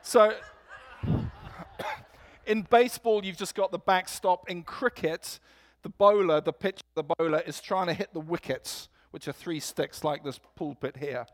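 A man preaches a sermon in a church in a high voice, speaking a little slowly. He tells stories and acts out quotes with energy.

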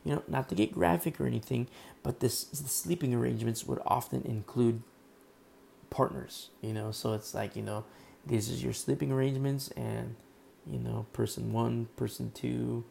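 Hoarse, gravelly male preacher. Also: mid-range voice, fairly even intonation, normal speed, warm tone, a little hiss or hum. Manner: conversational, rambling, full of fillers and asides. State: hoarse, throat worn out. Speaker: pastor. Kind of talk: casual expository sermon.

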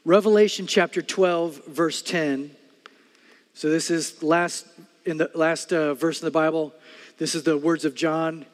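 A middle-aged man preaching a sermon as pastor, telling stories with loud bursts and quiet earnest stretches. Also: fairly high pitch, steady tone, measured pace, long reverb tail.

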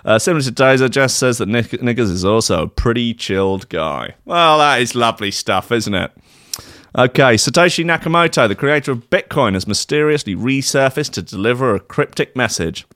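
A man works through odd news stories in a loose, comic read, full of fillers and sarcastic asides. His voice sits at an ordinary pitch and sounds dry and close to the mic. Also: animated, a little fast, hardly any pauses, a bit bright, no echo. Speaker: podcast host reading odd news stories. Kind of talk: casual comic news reading.

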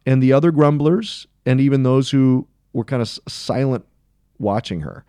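Earnest rambling man, mellow voice. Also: medium pitch, normal speed, clean tone, no room sound, studio quality. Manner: rambling, self-correcting, earnest. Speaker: podcast co-host. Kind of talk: casual Bible discussion.

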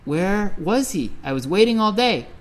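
The storyteller voices an angry, wild mountain ascetic man who shouts threats while telling a Buddhist story. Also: mid-range voice, sing-song, normal speed. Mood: irritated.

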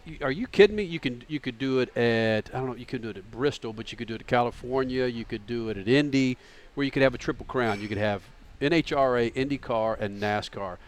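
A man's voice: mid-range voice, fast, few pauses. Crude, fired-up man ranting. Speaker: motorsport talk show host. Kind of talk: casual podcast chat.

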